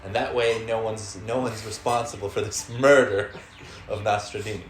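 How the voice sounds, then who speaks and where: A man telling a folk tale to friends in a relaxed way, with fillers and laughs. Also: on the low side, normal speed, roomy sound. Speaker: storyteller. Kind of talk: casual storytelling among friends.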